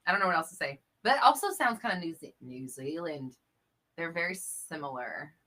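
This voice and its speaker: A woman's voice: deep voice, expressive, a little fast, sharp tone. A woman hosting a casual live-stream chat, reading out viewer comments, chatty and playful with frequent laughter. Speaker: host and coach.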